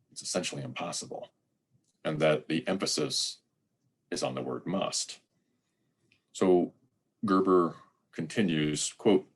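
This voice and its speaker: Brief: man, very low voice, husky tone, measured and reflective sermon delivery. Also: fairly bright tone. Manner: measured, reflective, reads verse slowly and deliberately. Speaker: lay preacher giving a sermon. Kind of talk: sermon with poetry reading.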